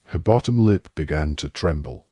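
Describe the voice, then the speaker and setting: Low husky man, steady audiobook narration, dry close sound. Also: normal speed, no room sound. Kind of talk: scripted narration.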